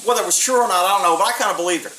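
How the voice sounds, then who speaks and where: A former police officer with a high, sharp-toned voice races through a casual story, blunt, streetwise, and swearing freely. The recording has an echoey room, a distant mic, and faint hiss.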